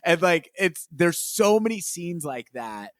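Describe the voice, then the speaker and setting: A man's voice: on the high side, sing-song, a little slow, a bit bright, no echo, clean studio sound. A man co-hosting a podcast, talking casually and animatedly about a film and laughing as he retells scenes. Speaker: podcast co-host.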